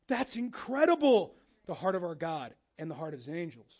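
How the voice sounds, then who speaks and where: A male pastor preaching with a very high voice and lively, casual energy. He jumps between conversational asides and acted-out quotes, swinging his tone up and down. The recording sounds dull and lo-fi. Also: fairly quick. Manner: animated, acts out quotes with shifting voice. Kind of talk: sermon.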